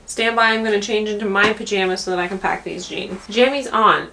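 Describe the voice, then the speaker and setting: A woman's voice: medium pitch, a little fast, gravelly, hardly any pauses, sharp tone. Young woman rambling to camera, bubbly chatty vlog, faint hiss behind. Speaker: vlogger. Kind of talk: casual chat.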